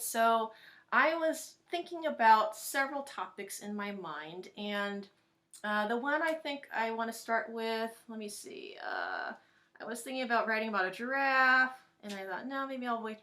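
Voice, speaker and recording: Recording a lesson for her class, a woman teacher is patient and encouraging, thinking aloud and slowly sounding out words. Her voice is medium-pitched, pushed and bright.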